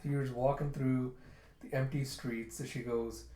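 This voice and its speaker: A man's voice: medium pitch, little pitch movement, measured pace, warm tone. A man casually retelling a comic during a readthrough, with offhand asides. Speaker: manga reviewer. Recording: roomy echo.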